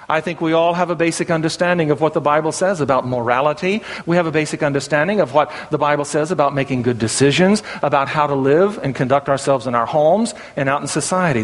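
A man's voice: medium pitch, big-room sound. A middle-aged man from the American South with a Southern accent, preaching an earnest sermon in a church. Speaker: pastor. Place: church sanctuary.

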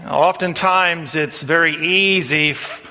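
Male pastor, bright, slightly high voice, folksy sermon delivery with filler pauses, long church reverb. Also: fairly even intonation, slight background noise. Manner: folksy storytelling with frequent "uh" fillers, rising for punchlines.

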